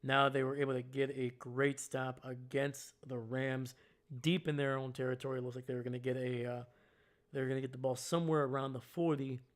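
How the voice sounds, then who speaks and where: A man doing live fan play-by-play and reaction, casual and self-mocking, getting excited on big plays. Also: medium pitch, fairly quick.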